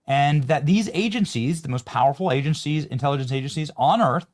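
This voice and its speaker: A man hosting a political talk show, asking his guest pointed questions in an animated way. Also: fairly high pitch, brisk. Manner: animated, rhetorical wrap-up questions. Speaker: host.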